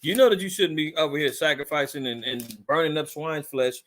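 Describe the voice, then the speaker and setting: A man's voice: on the high side, fairly quick, a bit bright. A man leading a conversational Bible teaching, fiery and mocking in a preachy way.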